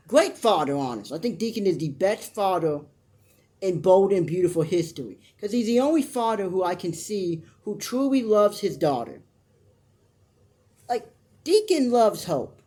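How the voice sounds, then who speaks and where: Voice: medium pitch, darkish tone. A soap opera reviewer giving a casual, rambling recap with frequent tangents and blunt opinions, acting out characters in mock voices. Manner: rambling, full of tangents and restarts.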